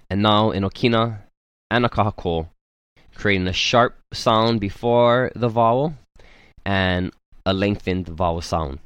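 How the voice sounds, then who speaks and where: A man's voice: on the low side, fairly bright tone, no echo. A man teaching a language class, patiently modelling vowel sounds and checking in with his students. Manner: slow, careful, models vowels aloud with frequent "right?" and "um".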